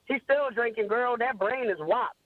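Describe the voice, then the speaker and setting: A woman in her 30s from the Philadelphia area calls in to a show over a tinny phone line. Her voice is on the high side at normal speed with no room sound, and she talks bluntly and emphatically, repeating herself.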